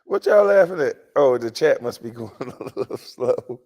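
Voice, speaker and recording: Hosting a casual comedic livestream, this man rambles along with plenty of fillers and frequent laughter. He speaks at a moderate pace in a medium-pitched, darkish, expressive voice with vocal fry, and faint music plays in the background.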